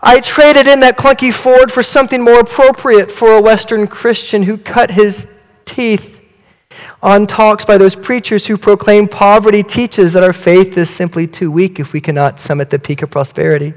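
A preacher doing a smug boastful churchgoer. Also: male voice, high voice, fairly even intonation, moderate pace, long reverb tail, voice pushed up, natural voice, rough recording. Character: smug prosperity-minded male churchgoer.

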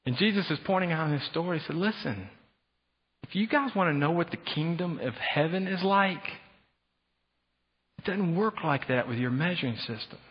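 A man preaching a sermon as pastor, animated, acting out the voices of his listeners. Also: a little high, normal speed, a little hiss or hum. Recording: dull sound with long hall reverb.

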